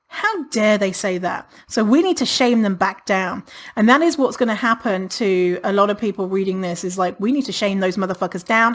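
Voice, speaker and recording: A woman hosting a podcast in a casual solo monologue, blunt and sarcastic, swearing freely and laughing often. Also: mid-range voice. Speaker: podcast host.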